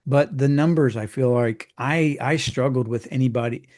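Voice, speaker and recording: A man's voice: mid-range voice, a little mellow. A middle-aged man coaching in casual conversation, chatty and explaining with homely examples. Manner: chatty, acts out clients in quick put-on voices.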